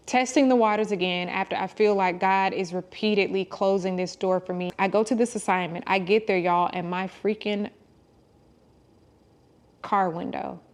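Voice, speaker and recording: A woman in her forties telling her viewers about her week in a casual, heartfelt vlog, calling them y'all and breaking into quoted prayers and conversations. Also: mid-range voice. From United States. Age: 40s. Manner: talks to God and quotes others in lively asides. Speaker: vlogger. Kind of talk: casual personal vlog talk.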